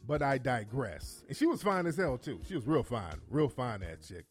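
A man in his forties hosting a call-in radio show, telling profane, animated stories and laughing often. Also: medium pitch, normal speed, few pauses, soft background music. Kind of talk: comedic call-in radio talk.

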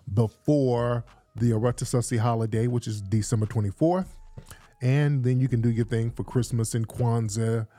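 A man's voice: mid-range voice, mellow, dry recording. A man hosting a casual livestream, hyping up his audience with repeated call-outs and loose, chatty talk. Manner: hyped, repetitive, addressing the audience. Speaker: livestream host. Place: indoors, rainy day.

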